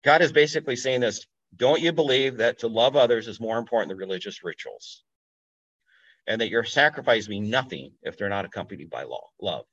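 A man's voice: fairly low pitch, animated, fairly quick, fairly bright tone, lo-fi sound. A man preaching a sermon in a conversational way, explaining scripture and checking in with "okay?".

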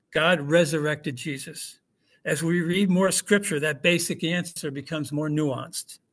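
A man's voice: on the high side, fairly bright tone. A man preaching a sermon to a church congregation, talking in an easy way and asking rhetorical questions. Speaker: pastor.

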